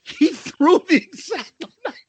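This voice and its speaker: Laughing, high-pitched middle-aged man. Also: slow pace, no echo. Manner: laughs through his stories, profane and animated. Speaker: podcast co-host. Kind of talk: casual chat, storytelling.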